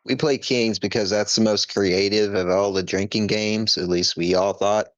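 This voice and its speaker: A man's voice: on the low side, steady tone, normal speed, highs cut off. A man co-hosting a podcast, chatting in a laid-back, self-deprecating way and swearing now and then. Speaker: podcast co-host. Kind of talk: casual storytelling chat.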